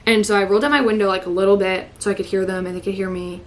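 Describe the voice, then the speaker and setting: A woman's voice: mid-range voice, fairly even intonation, very fast. A young woman vlogger telling an emotional story in casual chat, tearful and saying "like" constantly. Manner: emotional, heavy use of "like", breaks into laughs.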